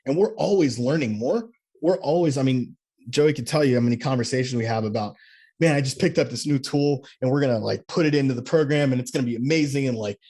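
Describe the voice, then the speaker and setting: A man in the middle of his usual pitch, leading a men's group call. He talks in an earnest, animated way, with restarts and the odd quoted line thrown in. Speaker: coach and group leader. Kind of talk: coaching call talk.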